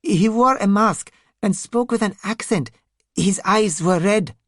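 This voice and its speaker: A woman doing a high, whimpering frightened man. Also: a little slow, no room sound, studio quality, lightly acted. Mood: nervous. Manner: whimpering, stammering. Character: frightened sobbing man in hiding.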